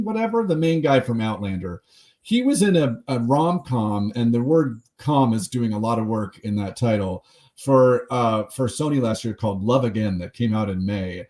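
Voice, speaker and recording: A man with a mid-pitched voice talks through the news on a casual podcast. He rambles in a loose, chatty way and tosses in quick asides and laughs. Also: expressive, a little mellow. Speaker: podcast host. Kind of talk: casual chat.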